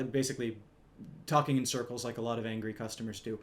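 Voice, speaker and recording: A man's voice: mid-range voice, steady tone, fast talker. A man casually telling a story from his retail job, wry and conversational, a little smug, swearing now and then.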